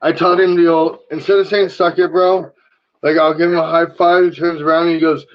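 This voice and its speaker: A man hosts a casual home talk show, his voice sitting a little high for a man. He talks loosely, rambling and full of slang. The sound is dull and lo-fi. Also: level tone, a little fast. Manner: laid-back, rambling with slang. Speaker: podcast host. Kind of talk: casual chat.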